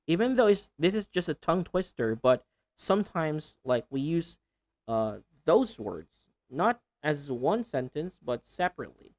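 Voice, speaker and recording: Slow, dry-voiced male English teacher. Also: a little high, sing-song, darkish tone, dry recording. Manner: slow, over-articulated modelling of sounds, chatty asides. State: sweating under a panda hoodie hat. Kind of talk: casual video lesson.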